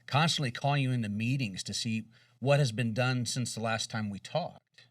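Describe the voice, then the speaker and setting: Measured man in a dry, distant recording. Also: mid-range voice, dry recording. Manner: measured, emphatic, stutters on openings. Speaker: co-host. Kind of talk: casual chat. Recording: dry room, distant mic.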